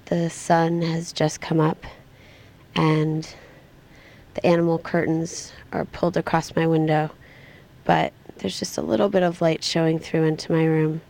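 A young woman recording an audio diary in her hospital room, speaking quietly and reflectively. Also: low-pitched, flat delivery, unhurried, creaky. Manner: quiet, reflective, plain-spoken. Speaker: patient.

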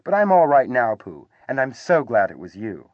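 A man voicing a tiny, timid young male piglet in a small, high, squeaky voice, anxious and plaintive. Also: very animated, moderate pace, dry recording, natural voice. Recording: slightly dull, dry recording.

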